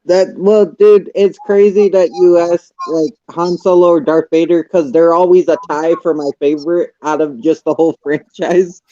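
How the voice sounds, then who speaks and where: A man's voice: fairly high pitch, fairly even intonation, normal speed, few pauses, warm tone, no echo, dull audio. A man in casual chat on a livestream, hesitant at first and slangy.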